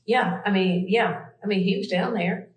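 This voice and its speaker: A woman's voice: medium pitch, normal speed, echoey room, low-quality recording. A woman with a Southern US accent, answering questions in a police interview, rambling and hesitant with many fillers.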